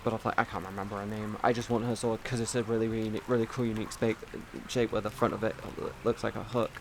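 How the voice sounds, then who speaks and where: A man chatting casually on a live stream, rambling and excitable, swearing often and restarting sentences. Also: on the low side, quick pace, background noise.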